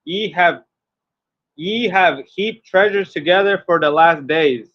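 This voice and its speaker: A man reading scripture aloud, slow, loud and declamatory. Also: sits high, highs cut off. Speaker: scripture reader.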